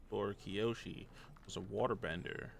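A man's voice: fairly low pitch, normal speed, gravelly, a little hiss or hum. A man co-hosting a podcast in casual, joking banter about shows and movies. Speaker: podcast co-host. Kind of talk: casual chat.

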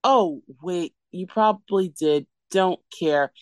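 A woman's voice: lowish voice, takes it slowly, a little mellow, no echo. A woman co-hosting a podcast, ranting sarcastically and emphatically in a casual recap chat. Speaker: podcast co-host.

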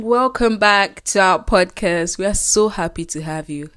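A young woman co-hosting a faith podcast, bubbly and earnest and quick to laugh. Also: medium pitch, fairly bright tone, clear, resonant tone, no echo, faint music behind. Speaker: podcast co-host. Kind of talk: casual faith podcast chat.

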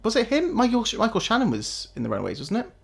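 A man's voice: very high-pitched, huge pitch swings, quick pace, gravelly. A man co-hosting a casual film review chat, opinionated and blunt, often restarting his sentences with a chuckle. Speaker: podcast co-host.

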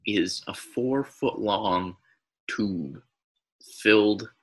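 A young man co-hosting a casual comedy podcast, telling absurd made-up facts in a deadpan way with many filler pauses. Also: fairly low pitch, husky, low-quality recording. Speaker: podcast co-host.

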